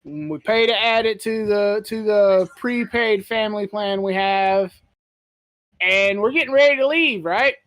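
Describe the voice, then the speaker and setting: Woman podcast host, dry close sound, lively storyteller who curses. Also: medium pitch, measured pace, no echo. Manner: animated storyteller, swears freely, acts out quotes; laughs while telling. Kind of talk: casual chat.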